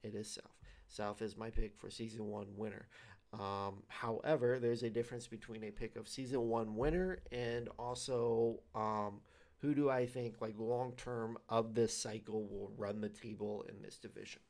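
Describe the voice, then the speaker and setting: A man's voice: lowish voice, steady tone, moderate pace, a little mellow. A man hosting a league show, giving his predictions in loose, repetitive casual talk with many fillers and restarts.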